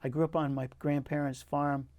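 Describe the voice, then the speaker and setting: A man's voice: on the high side, little pitch movement, moderate pace, a little mellow, no echo. An older man, a poet, telling personal stories in an earnest, reflective way with frequent restarts, interviewed in a community TV studio. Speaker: poet guest.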